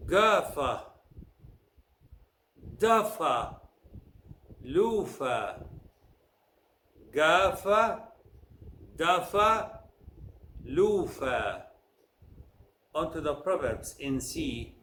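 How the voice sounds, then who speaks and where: A man teaching pronunciation, saying each word slowly and clearly, then repeating the whole list. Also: a little high, very animated, sharp tone. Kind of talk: slow drilled word lists. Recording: echoey room with faint noise.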